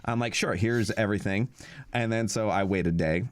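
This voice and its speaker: A young man with a low voice tells a long, rambling story on a podcast, acting out the quotes in it. The sound is dry and close. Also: moderate pace, no echo. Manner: rambling and animated, many fillers and acted-out quotes. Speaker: podcast co-host. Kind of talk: casual storytelling chat.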